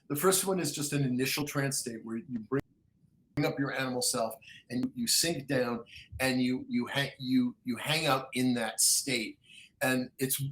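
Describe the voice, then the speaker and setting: A man talking as a guest author in a casual interview, excitable storyteller with frequent restarts who acts out quotes. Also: medium pitch, reverberant, rough recording.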